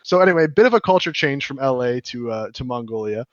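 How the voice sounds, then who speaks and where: Fast-talking animated man telling stories. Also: mid-range voice, lo-fi sound. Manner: animated and profane, with frequent restarts. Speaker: podcast co-host. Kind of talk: casual storytelling chat.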